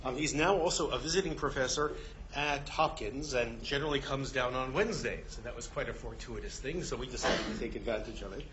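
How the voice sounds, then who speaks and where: A man introduces a guest speaker to a lecture hall audience with a light, joking touch. His voice is mid-pitched and ordinary. The recording is dull, with a faint hum behind. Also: a little fast, fairly bright tone. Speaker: colloquium host.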